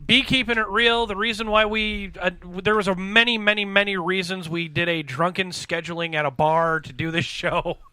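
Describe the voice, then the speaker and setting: A man's voice: sits high, fairly even intonation, moderate pace, few pauses, sharp tone, clean tone, no echo. A man hosting a crude, casual podcast, joking and reading ad copy. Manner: profane, joking, reads ad copy. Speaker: podcast host. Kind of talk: crude casual chat with friends.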